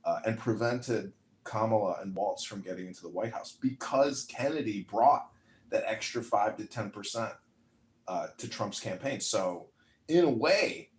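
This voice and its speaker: Boastful rambling man, lowish voice. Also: expressive, a little slow, echoey room. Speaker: audio chat room speaker. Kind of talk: casual chat.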